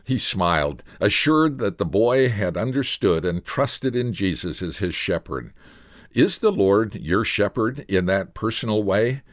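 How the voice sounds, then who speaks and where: A man hosting a short devotional radio message, telling a story earnestly and putting gentle questions to the listener. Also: fairly low pitch, expressive, a little slow, dry recording. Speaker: radio Bible teacher, host.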